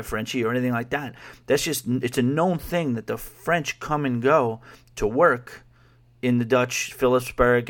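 A man hosting a travel podcast, talking casually and with animation about a cruise stop, slipping in playful quoted asides. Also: medium pitch. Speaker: podcast host.

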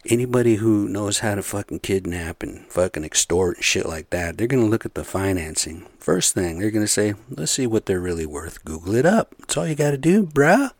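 A man with a deep, low voice rants casually to his viewers. He rambles, swears freely and keeps firing rhetorical questions. The recording is dry, with no room sound. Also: a little fast, hardly any pauses, no echo. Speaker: vlogger. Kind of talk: casual profane rant to camera.

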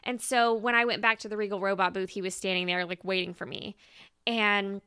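Bright, gravelly-edged woman podcast host. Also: mid-range voice, fairly quick, no echo, clean studio sound. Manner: animated, emotional storytelling full of "like". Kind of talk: casual chat.

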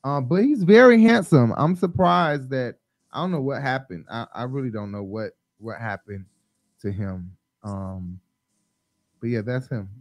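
Loose, rambling, high male live-stream host, dry mic. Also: unhurried, no echo, rough recording. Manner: loose, rambling, many ums and laughs. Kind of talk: casual live-stream chat.

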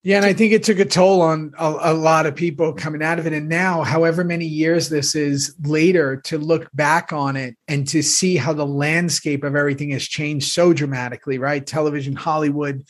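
A man's voice: fairly high pitch, steady tone, brisk, hardly any pauses. A man chatting casually with old castmates, rambling and effusive, full of restarts and fillers. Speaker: actor reminiscing with former castmates. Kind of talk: casual chat.

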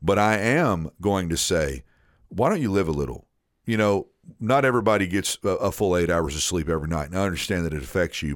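A man's voice: sits low, dry recording, clean studio sound. A man telling a long personal story in casual chat, rambling and repeating himself as he acts out what was said.

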